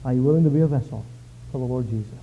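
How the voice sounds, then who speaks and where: A male pastor preaching a sermon, telling stories with lively swings from quiet to shouting. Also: mid-range voice, rapid-fire, a little hiss or hum. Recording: dull lo-fi sound.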